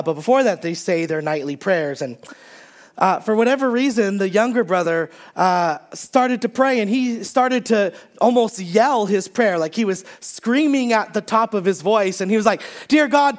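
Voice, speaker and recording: A man with a high voice delivers a relaxed, conversational sermon from a church stage. He talks easily and jokes with the congregation, with many small fillers and restarts as he goes. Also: moderate pace. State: recovering from strep throat. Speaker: pastor. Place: church sanctuary under stage lights.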